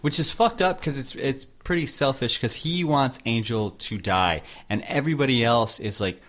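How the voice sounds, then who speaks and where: A man's voice: medium pitch, moderate pace, a bit bright. A man co-hosting a casual podcast, giving laid-back commentary full of profanity and laughs. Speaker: podcast co-host. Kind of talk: casual chat.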